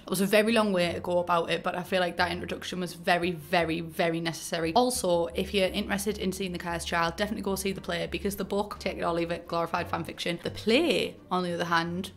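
A woman's voice: medium pitch, fairly bright tone. A young woman with a Teesside accent from North East England, chatting casually and telling stories while playing a building game, with a chatty, self-mocking way of talking and broad local slang. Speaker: gaming YouTuber. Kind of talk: casual gameplay commentary.

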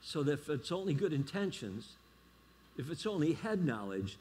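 Middle-aged male guest preacher, husky, slightly high voice, emphatic sermon delivery. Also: sing-song, moderate pace, a little mellow. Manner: emphatic, checks in with the congregation.

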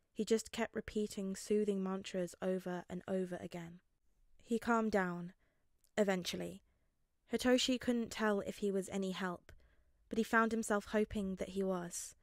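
A woman reading fanfiction aloud as narration, in a gentle, measured way. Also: medium pitch, no echo, studio quality. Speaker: podfic reader.

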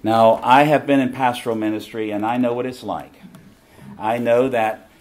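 This conference speaker, a middle-aged man from the American South with a matching accent, gives an emphatic preaching talk built on repeated key phrases. His mid-range voice holds a steady tone at a moderate pace and sounds a little mellow.

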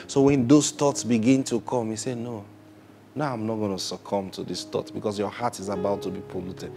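A male pastor preaching a sermon, swinging between loud emphatic bursts and soft near-whispers. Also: fairly low pitch, steady tone, brisk, faint music behind.

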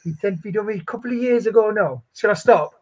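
High-voiced laughing English man. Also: fast, darkish tone, slightly rough. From South London. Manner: laughing, rambling, self-deprecating. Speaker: quiz contestant. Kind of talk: casual chat.

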